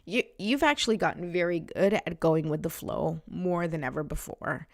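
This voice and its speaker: A woman's voice: on the low side, animated, moderate pace, vocal fry, no room sound, studio quality. A woman in her forties giving a spiritual oracle card reading on a live stream, earnest and chatty with many fillers. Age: 40s.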